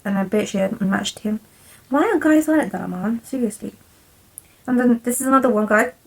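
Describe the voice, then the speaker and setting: A woman's voice: on the high side, moderate pace, gravelly, husky, poor audio. A young woman chats straight to her viewers, giggly and chatty. She keeps apologising as she goes, sounding casual and unscripted. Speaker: vlogger. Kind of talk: casual chat to camera, reading messages aloud.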